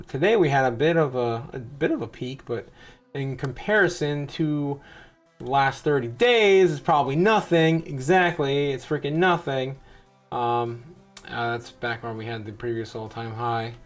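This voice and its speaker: A man hosting a show, giving rambling, wry, casual live commentary as he reacts to charts. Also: mid-range voice. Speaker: crypto show host.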